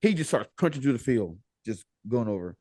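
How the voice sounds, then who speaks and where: An American man as a podcast guest, telling a story in a casual, animated way, laughing and acting out the dialogue. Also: mid-range voice, fairly quick, no room sound.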